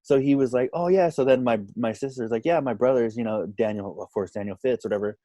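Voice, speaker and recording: A man casually telling a story on a podcast, animated, acting out what other people said. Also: medium pitch, fast, dry recording. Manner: animated, quotes others in lively voices. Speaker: podcast guest.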